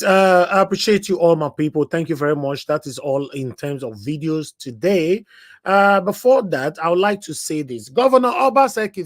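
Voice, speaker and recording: A Nigerian man with a high voice hosts a live commentary stream. He talks in a chatty way and mixes Pidgin into his English. The sound is dry and close, with no room around it. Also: dry recording. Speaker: host.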